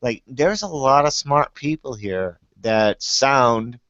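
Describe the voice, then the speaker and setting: A man in his forties with a Boston accent, talking in a loud, joking, crude way on a panel call. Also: mid-range voice, expressive, slow, no room sound. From New England. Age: 40s. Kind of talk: casual call chat. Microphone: video call. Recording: dull, dry call audio.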